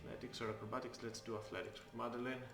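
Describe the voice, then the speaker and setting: A man running a tabletop game as dungeon master, with many pauses and fillers. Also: mid-range voice, flat delivery, fairly bright tone, reverberant, faint music behind.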